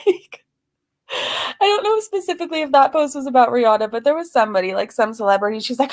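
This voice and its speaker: A chatty woman hosting a live stream, a little out of breath. Her voice sits somewhat high. She talks loosely, greeting viewers by name and laughing between phrases. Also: quick pace, darkish tone. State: slightly out of breath. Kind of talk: casual live-stream chat.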